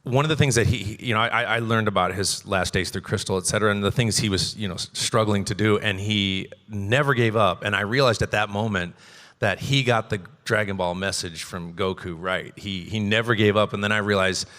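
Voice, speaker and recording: A quick-talking man with a bright, forceful voice and a slightly low pitch tells rambling, animated stories on a convention stage. His voice carries the long reverb of a large hall. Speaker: voice actor on a convention panel. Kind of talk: casual panel talk.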